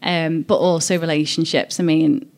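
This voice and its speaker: Scouse woman, low voice, chatty interview guest, lots of ums. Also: fairly even intonation, moderate pace, gravelly. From Liverpool, England. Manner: chatty, warm-hearted storytelling with many fillers. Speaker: interview guest, agency director. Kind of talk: casual podcast interview.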